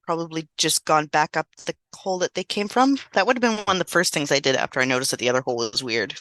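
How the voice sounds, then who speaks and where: A woman's voice: low-pitched, expressive, quick pace, fairly bright tone, no echo. A woman co-hosting a podcast, casually recapping a film plot with lots of fillers. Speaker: podcast co-host. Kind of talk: casual movie review chat.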